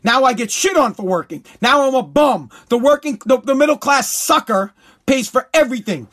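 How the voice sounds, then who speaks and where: A man with a strikingly high voice delivers a heated, profane rant. He repeats his points and breaks into shouts. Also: animated, moderate pace. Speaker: commentator. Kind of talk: ranting commentary.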